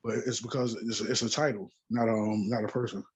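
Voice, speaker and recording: A man's voice: fairly low pitch, steady tone, a little fast, slight background noise. A man in a religious discussion, speaking hesitantly and searching for words. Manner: hesitant, full of ums and restarts. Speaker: discussion participant.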